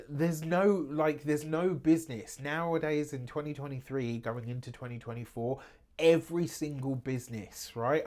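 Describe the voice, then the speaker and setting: A man giving a casual weekly tarot reading to camera, chatty and self-mocking, with frequent asides to viewers. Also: medium pitch. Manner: chatty, laughs at himself, frequent "right?" asides. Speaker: tarot reader.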